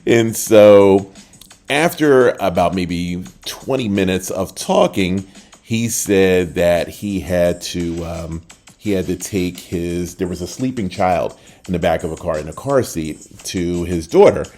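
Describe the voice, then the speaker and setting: An older man hosting a short podcast, telling a personal story in a casual, lively way and acting out the people he quotes. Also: low-pitched, takes it slowly. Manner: animated, acts out quoted voices, trails off at the end. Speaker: podcast host.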